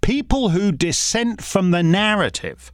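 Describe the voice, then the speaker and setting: A man's voice: sits high, very animated, a little slow, no room sound, clean studio sound. A man hosting a members' question session, rambling and combative, with many restarts. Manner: reads out listener questions. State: uses a wheelchair. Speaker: host answering member questions. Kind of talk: casual monologue.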